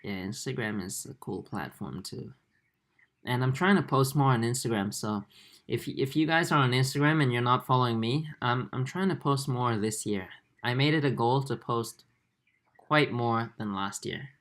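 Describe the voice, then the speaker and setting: A young man from Japan and Singapore, whose English carries an Australian tinge, hosts an aquarium channel livestream. He answers viewer comments in a relaxed way, with plenty of fillers and restarts, at medium pitch and normal speed. His laptop mic does the recording.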